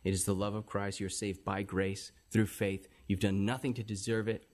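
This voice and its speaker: A man with a fairly low voice talks about faith in an earnest, preaching style. He quotes scripture in old-fashioned wording and builds his points as he goes. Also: flat delivery, moderate pace, darkish tone.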